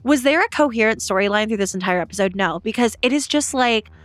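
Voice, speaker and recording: A woman's voice: on the high side, expressive, quick pace, no room sound. A young woman co-hosting a podcast, eagerly leading the story in casual chat. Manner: earnest, enthusiastic, leads the topic. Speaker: podcast co-host.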